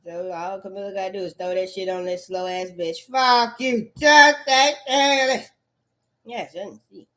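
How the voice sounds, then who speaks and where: A woman in a rambling, profane rant, repeating curses and jumping between loud outbursts and low mutters. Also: steady tone, moderate pace, hardly any pauses. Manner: erratic, repetitive, swearing constantly, swinging between shouts and mutters. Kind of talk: profane stream-of-consciousness rant.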